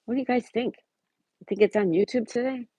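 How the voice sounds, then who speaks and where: A woman's voice: on the high side, brisk, dark tone, slightly rough, no echo. A woman hosting a casual livestream, chatting and reading out viewers' messages and greeting them by name. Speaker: livestream host. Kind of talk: casual live-chat reading.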